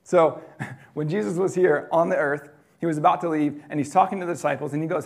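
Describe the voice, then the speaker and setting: Man, sermon, gravelly, slightly high pitch, conversational, loud-to-quiet swings. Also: quick pace. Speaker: pastor.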